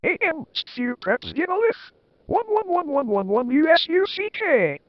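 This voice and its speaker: A man's voice: very high voice, very animated, a little slow, no room sound, voice pushed up, full character voice. A man voicing a giddy teenage girl fanfic author in a comic reading. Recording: dull, lo-fi dry recording.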